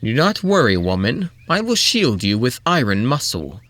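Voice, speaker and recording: A man voicing a boastful heroic male fighter who makes stiff, loud declarations. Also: medium pitch, wildly swooping pitch, normal speed.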